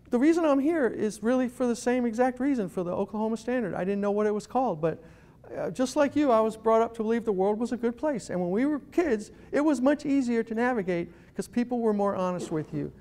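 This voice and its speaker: A middle-aged man with a high voice gives a humorous talk to a live audience at an ethics chapter meeting. He tells stories and acts out the voices of the people in them. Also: animated, brisk, warm tone. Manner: storytelling, acts out voices in his anecdotes. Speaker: guest speaker.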